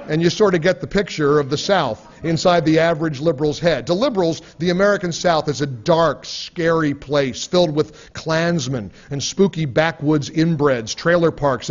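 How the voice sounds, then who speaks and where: A man reading a nonfiction book aloud in a sarcastic, mocking manner. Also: fairly high pitch. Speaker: audiobook reader. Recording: dull lo-fi recording.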